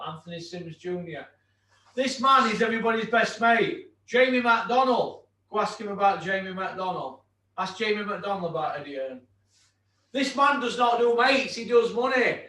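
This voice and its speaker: A bright, fairly high-pitched man, hosting a casual podcast and swearing his way through blunt, mock-aggressive banter. His voice sits a little back from the mic in an echoey room. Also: far from the mic. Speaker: host.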